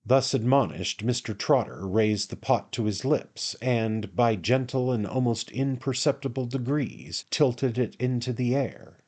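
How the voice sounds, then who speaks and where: A man reading a classic novel aloud as an audiobook narrator in a measured, unhurried way. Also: medium pitch, a little mellow. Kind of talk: scripted narration.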